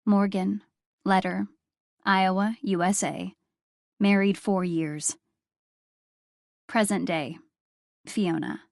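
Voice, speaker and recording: A woman reading a first-person novel aloud with wry, expressive storytelling. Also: medium pitch, takes it slowly, creaky, pauses often, dry recording, studio quality. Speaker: audiobook narrator. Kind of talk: first-person audiobook narration.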